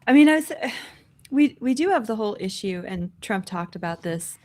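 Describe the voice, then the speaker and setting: A woman co-hosting a podcast, thinking aloud and reacting quickly in casual news talk. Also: medium pitch, animated, a little mellow. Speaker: podcast co-host.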